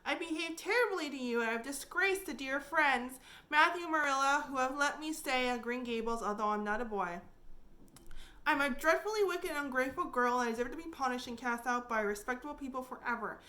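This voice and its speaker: A woman's voice: high-pitched, fairly quick, bright, forceful tone. A woman voicing an eager, emotional orphan girl in a storybook reading, pleading earnestly.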